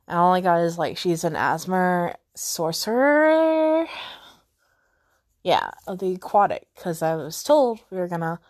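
A woman's voice: fairly low pitch, darkish tone. A young woman hosting a podcast on her own, chatting casually and rambling with many fillers and self-corrections. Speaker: podcast host. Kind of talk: casual solo chat.

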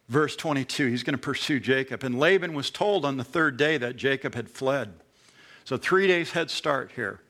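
Man, preacher, expository sermon, bright voice, mid pitch, earnest, conversational. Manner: earnest, conversational, with sudden emphatic rises.

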